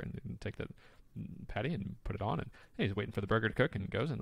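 A man's voice: on the low side, very fast, vocal fry, slightly rough, no room sound. A man co-hosting a podcast in casual chat, rambling enthusiastically with many fillers and restarts.

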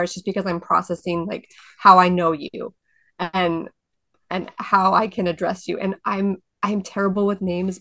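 A woman guest on a podcast, chatty and animated, full of "like" and acted-out quotes. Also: on the low side, no room sound. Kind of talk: casual chat.

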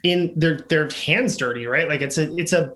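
A man's voice: fairly high pitch, normal speed, a bit bright. A man chatting as a guest, enthusiastic and rambling with lots of restarts. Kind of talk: casual chat.

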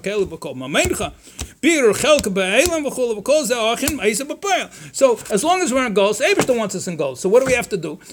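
A rabbi with a fairly high voice teaches a Torah class in an animated, conversational manner. He blends Hebrew and Yiddish quotations into his English and sarcastically voices imagined objections.

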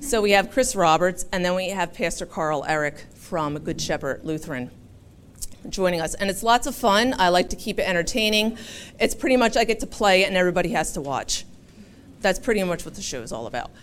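A woman's voice: on the low side, animated, fairly quick, slight background noise. A woman from Philadelphia giving a chatty, humorous public speech as a talk show host. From Philadelphia, USA.

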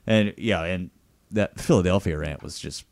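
Low-voiced male podcast host, casual and laughing, dry close mic. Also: moderate pace, gravelly, no echo. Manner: laughs often, animated retelling of comedy bits. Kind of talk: casual chat.

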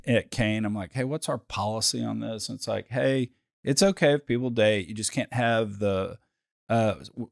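A man co-hosting a podcast, telling a workplace story in casual chat, with lively acted quotes. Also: lowish voice, vocal fry, no room sound, clean studio sound. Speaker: podcast co-host.

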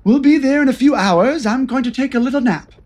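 A man voicing a calm, confident veteran male spy who explains things in a breezy, matter-of-fact way. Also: very high-pitched, brisk, voice pushed up. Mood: cool.

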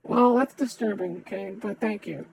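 A woman's voice: mid-range voice, measured pace, gravelly, husky, exaggerated voice, poor audio. A woman voicing a vengeful young woman adventurer who speaks of her revenge defiantly and without apology. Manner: defiant, matter-of-fact.

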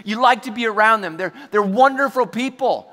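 A man preaching a sermon to his congregation, chatty and joking, acting out quick asides as he goes. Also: high voice, pushed and bright. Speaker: pastor. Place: church hall before a congregation. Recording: large hall with long reverb.

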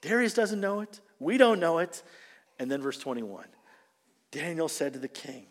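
Man, pastor, sermon, animated storytelling, fairly high voice, long hall reverb. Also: normal speed. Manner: animated storytelling, acting out quotes.

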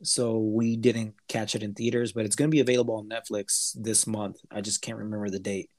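A man's voice: lowish voice, steady tone, a little fast, darkish tone, no room sound. A man co-hosting a podcast in laid-back casual chat, joking and poking fun at himself. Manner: laid-back, joking, self-mocking, says "man" and "bro". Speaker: podcast co-host.

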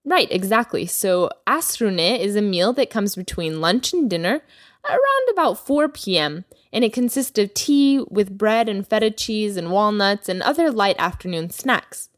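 A woman hosting a language lesson podcast as the teacher, speaking clearly and slowing down to model new words. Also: medium pitch, very animated, dry recording, clean studio sound. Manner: clear teacherly delivery, slows down for vocabulary. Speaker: Persian teacher, podcast host.

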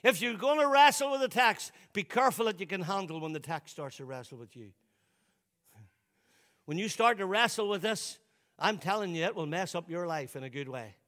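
A man's voice: high voice, lively intonation, normal speed, a bit bright. A man preaching a sermon in a church service, emphatic and given to repeating words as he presses his points. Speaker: pastor.

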